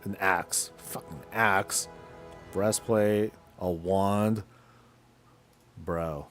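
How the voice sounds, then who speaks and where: Playing a game, a male streamer chats casually in a lowish voice, drawing out his words in a relaxed, slangy ramble. He thinks aloud and wanders from one point to the next while soft music plays faintly underneath.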